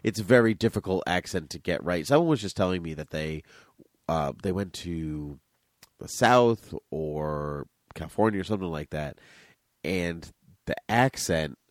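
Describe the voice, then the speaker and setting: A man's voice: low-pitched, measured pace, no echo, clean studio sound. A man from Massachusetts, co-hosting a casual movie podcast, chatty and rambling. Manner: chatty, rambling, easily laughing. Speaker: podcast co-host.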